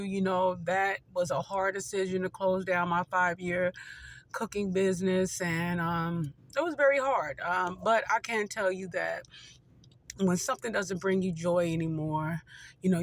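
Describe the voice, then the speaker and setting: A person turning fifty gives an earnest, rambling motivational talk full of "you know," offering faith-driven encouragement to viewers. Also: mid-range voice. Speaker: vlogger and motivational speaker.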